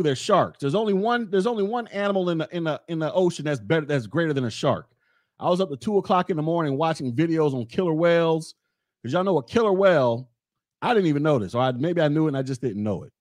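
A man's voice: a little high, expressive, brisk, no echo, clean studio sound. A man hosting a podcast, talking in a blunt, rambling way straight to his listeners. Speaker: podcast host. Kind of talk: casual monologue podcast.

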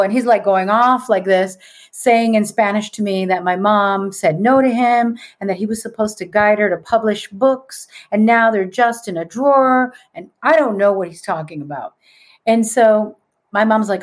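A woman's voice: medium pitch, normal speed. A middle-aged woman, a podcast guest, telling a story in casual conversation and acting out the people she quotes.

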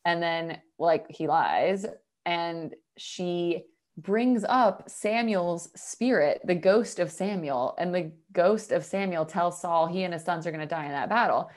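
A woman co-hosting a podcast, talking in a slightly low voice. She chats casually and retells a story, slipping into quoted lines as she goes. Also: unhurried. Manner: chatty, recaps the story with quoted asides. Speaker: podcast co-host. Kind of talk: casual chat.

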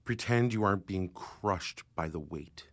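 Give me a man as a shaken young man, deep and dry, speaking in broken confessional lines. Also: measured pace, a bit bright, no room sound. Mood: anguished. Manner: tense, fragmented confessional delivery. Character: young man shaken after being outed and assaulted. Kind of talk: spoken word drama.

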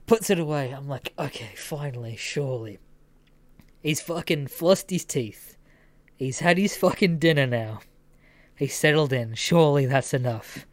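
A woman with a low voice hosts a casual podcast, telling stories loosely. She swears freely and laughs often as she talks. The recording is dry and close, with no room sound. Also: normal speed, no echo. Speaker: podcast host.

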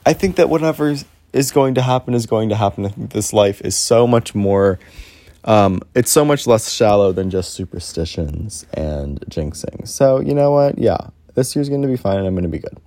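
Rambling young man, mellow low voice. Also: lively intonation, moderate pace. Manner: rambling, self-deprecating, swears freely. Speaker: podcast host. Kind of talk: casual solo podcast monologue.

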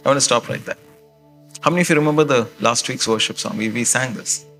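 A man's voice: mid-range voice, fast, a bit bright, faint music behind. A male pastor preaching a sermon in a conversational way, often checking in with the congregation with questions and "okay?".

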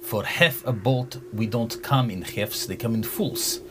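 A man voicing a dry-witted, stingy male shopkeeper who answers deadpan. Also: mid-range voice, measured pace, background noise, close to an everyday voice. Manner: deadpan, flat refusals.

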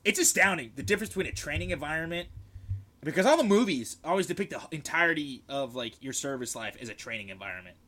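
A young man on a casual podcast, telling military stories in an animated, swearing way and shouting out the lines he quotes. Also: fairly high pitch, fast talker. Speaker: podcast co-host, military veteran. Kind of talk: casual storytelling chat.

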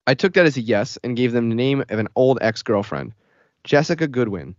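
A man's voice: mid-range voice, lively intonation, fairly quick, no echo. A man co-hosting a podcast, reading a horror story aloud in a casual manner, on a dull lo-fi recording. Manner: casual, laughs between lines. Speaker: podcast co-host. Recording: dull lo-fi sound.

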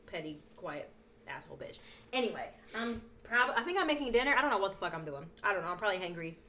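A woman's voice: medium pitch, very animated, quick pace, a bit bright, slight background noise. A young woman co-hosting a casual podcast, dry and self-deprecating, swearing heavily. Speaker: podcast co-host. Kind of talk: casual chat.

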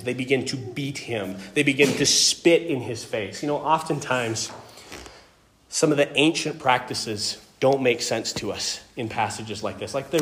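A man preaching a sermon and teaching from scripture, earnest, doubling words for emphasis and moving between loud stress and hushed tones. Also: medium pitch. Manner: earnest, repeats words when stressing a point. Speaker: pastor.

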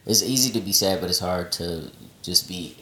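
Deep-voiced man telling stories. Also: moderate pace, echoey room. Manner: animated storytelling, drops to low asides. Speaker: podcast co-host. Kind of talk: casual podcast chat.

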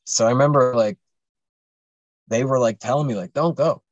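A young man spins a long, rambling story, full of swearing and filler words. His voice sits at an ordinary pitch for a man. The sound is dry and close, with no room echo. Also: moderate pace, dull audio. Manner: rambling, profane, many fillers. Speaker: podcast host. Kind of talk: casual storytelling.

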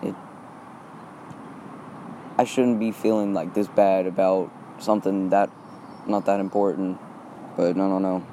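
A teenage boy from Texas talks through a solo podcast in a low, mellow voice. He rambles and hesitates and leans on fillers again and again. He is outdoors, with faint wind and traffic heard behind him. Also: little pitch movement, a little slow, pauses often. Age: teens. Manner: hesitant, repeats fillers often. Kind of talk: rambling casual monologue.

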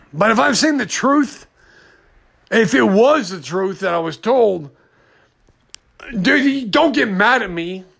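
Male podcast host, high and gravelly, rambling and upset, unscripted monologue. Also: a bit bright.

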